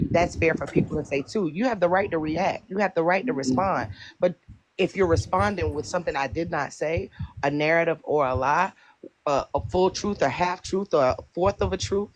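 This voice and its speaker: A man speaking as a guest on a live stream, measured and methodical, laying out his case through pointed questions. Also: on the high side. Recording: noisy line with clicks.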